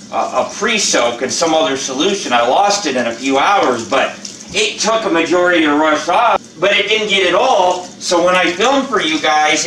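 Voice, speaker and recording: A man's voice: on the high side, pushed and bright, reverberant, far from the mic, slight background noise, poor audio. An older man who is a channel host, chatting bluntly and rambling with plenty of swearing in a casual how-to vlog.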